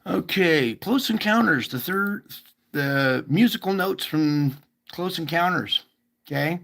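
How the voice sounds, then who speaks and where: A man's voice: a little high, expressive, slow, gravelly, a bit bright. A man hosting a casual livestream, explaining at length with restarts and frequent checks with his listeners. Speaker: livestream host.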